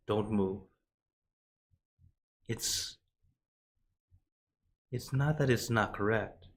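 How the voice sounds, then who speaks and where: Slow-speaking monk with a cold. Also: male voice, on the low side, slight background noise. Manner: slow, gentle, drawn-out phrases with pauses. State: has a cold, voice lower than usual. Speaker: meditation teacher, monk. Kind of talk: guided meditation.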